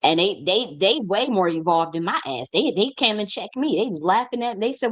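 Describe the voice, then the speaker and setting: A woman's voice: mid-range voice, animated, fast, hardly any pauses. A woman speaking as a spiritual teacher in an impassioned monologue, blunt and profane, repeating phrases for emphasis.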